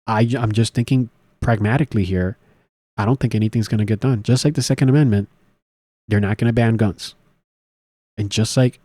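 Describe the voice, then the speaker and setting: A man talks through politics in a loose, rambling way, stopping and restarting often and filling gaps with "uh" and "um". His voice sits a little low and sounds mellow and dark. The recording is dry and close, with no room sound. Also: no room sound. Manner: rambling, many fillers and restarts. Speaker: political commentary host. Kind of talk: casual solo commentary.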